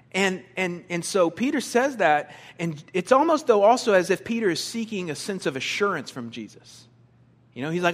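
A male pastor preaching an animated sermon, swinging from emphatic points to soft, quiet prayer. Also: on the high side, moderate pace.

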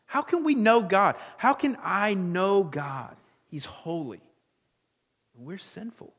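A man's voice: high voice, expressive, slow, a bit bright, husky. Earnest pastor in his late thirties. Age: late 30s. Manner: earnest, rhetorical questions, repeats key phrases. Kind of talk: sermon. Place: church sanctuary. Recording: long reverb of a large hall.

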